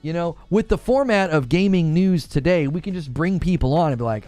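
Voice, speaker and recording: A man hosting a gaming news stream, chatting casually with viewers and reading their comments, animated and quick to laugh. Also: a little high, no room sound, faint music behind. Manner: animated, laughs often, thinks aloud with restarts. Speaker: host of a gaming news show.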